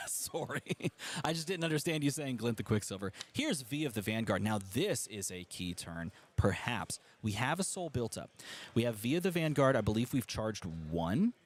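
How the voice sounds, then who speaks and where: A man's voice: lowish voice, sing-song, moderate pace. A man doing live play-by-play commentary on a card game tournament, chatty and analytical, talking to the stream chat and laughing easily.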